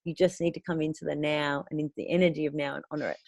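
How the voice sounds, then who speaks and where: A woman co-hosting a podcast, speaking in a gentle, affirming way during a casual spiritual chat. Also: sits low, fairly even intonation, very fast, vocal fry, dry recording, studio quality. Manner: gentle, affirming, soft murmurs of agreement. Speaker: podcast co-host.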